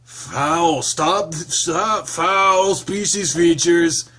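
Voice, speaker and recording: A man's voice: fairly high pitch, lively intonation, a little slow, pushed and bright, slight background noise, voice pushed up. Man reading prissy lynx guy, mock-dignified, scolding. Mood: protesting. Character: prim, cheerful adult male lynx.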